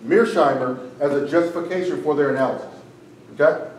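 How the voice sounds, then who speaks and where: A man's voice: fairly high pitch, brisk. A man with a tiring, strained voice giving a casual classroom lecture as a debate instructor, often tagging his sentences with "right?". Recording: echoey room, far from the mic, faint noise.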